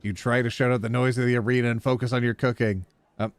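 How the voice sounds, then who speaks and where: A man's voice: medium pitch, steady tone, fairly quick, dry recording, soft background music. Playful Canadian-born man streaming a game. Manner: playful, joking, laughs often. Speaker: gaming streamer. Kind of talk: casual let's-play, reading game text aloud.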